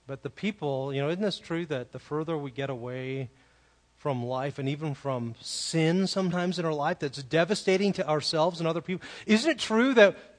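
A man preaching a sermon in a conversational, animated way, often asking his listeners questions. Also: fairly high pitch. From California. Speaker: pastor.

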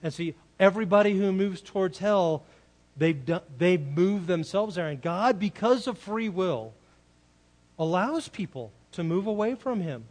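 A man's voice: high voice, expressive, a little slow, darkish tone. A man preaching a sermon in an earnest way, often asking the listeners rhetorical questions. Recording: long reverb of a large hall.

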